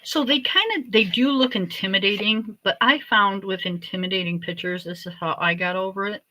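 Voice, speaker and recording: A woman hosting a livestream from home, chatting in a meandering, relaxed way. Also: medium pitch, brisk, rough recording. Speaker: livestream host. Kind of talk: casual chat.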